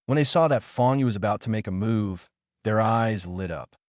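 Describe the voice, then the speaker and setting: A man's voice: on the low side, moderate pace, no room sound, clean studio sound. A man narrating an audiobook novel, reading every character in the same voice. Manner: reads all characters in one voice with few changes. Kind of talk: scripted narration.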